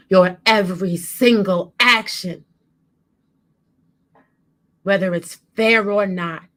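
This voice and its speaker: A woman's voice: lowish voice, a bit bright. A woman delivering an impassioned spoken monologue as a guest co-host, with a rhythmic, building emotional delivery.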